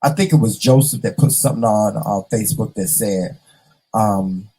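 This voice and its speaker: Husky, animated male vlog host. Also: lowish voice, normal speed, poor audio. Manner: animated, dramatic, talks to viewers and acts out scenes. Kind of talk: casual live chat reading comments.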